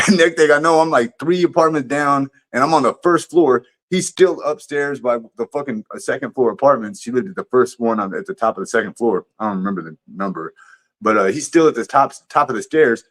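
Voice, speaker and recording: A man's voice: medium pitch, a little fast, fairly bright tone. A man livestreaming, telling a story in a casual, profane, rambling way with lots of restarts.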